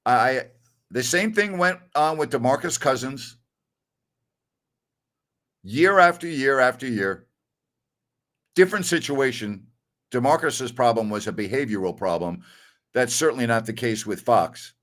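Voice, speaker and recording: Opinionated middle-aged sports talk host. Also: male voice, medium pitch, animated, a little slow, pauses often, a bit bright. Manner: blunt, opinionated, laughs while telling stories.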